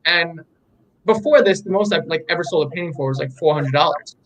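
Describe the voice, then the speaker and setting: A man's voice: sits high, fast, rough recording. A young man, an artist being interviewed, telling a story in an enthusiastic, rambling way with many fillers. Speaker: artist guest. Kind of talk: candid interview chat.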